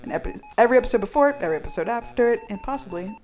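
A woman's voice: fairly high pitch, expressive, racing, over loud music. A woman hosting a casual podcast, bubbly and rambling, laughing often. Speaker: podcast host. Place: echoey room.

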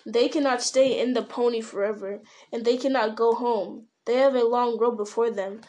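A woman reading the part of a grim male ranger in a storybook reading, speaking low, measured and blunt. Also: fairly even intonation, warm tone, lightly acted. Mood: scornful. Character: grim, quiet male ranger, weathered wanderer.

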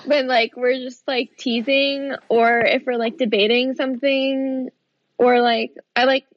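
A woman's voice: high voice, little pitch movement, unhurried, dry recording, dull audio. A woman co-hosting a podcast in casual chat, rambling with many "like" fillers and frequent laughs. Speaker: podcast co-host.

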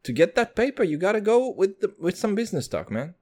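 A man from Kazakhstan hosting his own podcast, ranting casually with lots of swearing and excitement. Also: high voice, quick pace. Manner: profane, rambling, excitable. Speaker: podcast host. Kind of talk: casual solo podcast rant.

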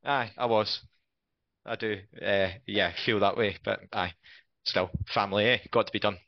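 A man's voice: fairly low pitch, steady tone, normal speed, vocal fry, dry recording, highs cut off. A man chatting bluntly, with plenty of swearing and banter. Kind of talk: casual chat.

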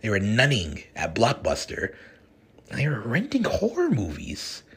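Male podcast host, casual rambling retelling, husky with a lively pitch. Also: a little slow. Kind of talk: casual chat.

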